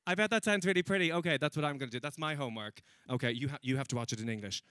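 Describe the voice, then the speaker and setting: A man doing stand-up comedy before a live audience, chatting with the crowd in a self-mocking, quick way. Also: medium pitch, a bit bright, no echo. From Ireland.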